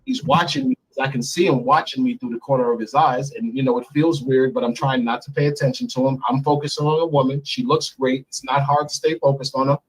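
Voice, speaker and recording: A man in his thirties, recounting a story candidly and profanely in an interview, getting animated as he goes. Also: a little fast, few pauses, slightly rough, poor audio. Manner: animated, profane, climbs high when excited. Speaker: interview guest. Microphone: remote stream mic.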